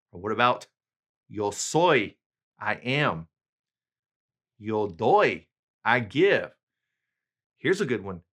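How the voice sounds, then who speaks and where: A man teaching a language lesson, reading out examples slowly and carefully and then translating them. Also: medium pitch, fairly bright tone. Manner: slow, careful enunciation of examples. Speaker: language tutor.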